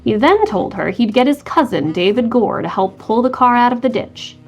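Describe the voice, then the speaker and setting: A woman's voice: fairly high pitch, expressive, normal speed, faint music behind. A woman co-hosting a podcast, reading a true crime story from a script and voicing quotes from the people in it. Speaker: podcast co-host.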